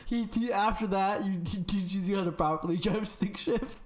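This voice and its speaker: A man's voice: high-pitched, normal speed, a loud crowd. A young man co-hosting a casual podcast, telling stories in a laid-back way and laughing often. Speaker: podcast co-host. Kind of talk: casual chat.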